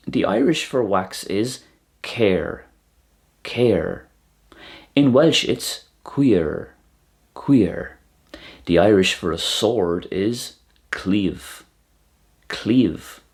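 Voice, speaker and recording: A man teaching a language lesson, who speaks slowly and deliberately and says each word twice so learners can catch how it sounds. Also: lowish voice.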